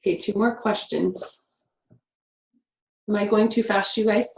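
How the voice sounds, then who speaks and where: A woman leading a class through writing prompts, chatty and quick, with many "like" fillers. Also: medium pitch, fairly even intonation, gravelly. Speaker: workshop teacher. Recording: echoey room with faint noise.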